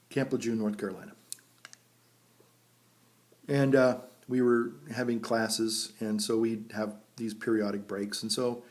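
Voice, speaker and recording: A man's voice: mid-range voice, darkish tone. A man, a priest telling rambling folksy stories in a casual vlog, recorded outdoors by a vineyard. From United States. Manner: folksy and rambling, chuckles at his own stories. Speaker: priest and pipe vlogger.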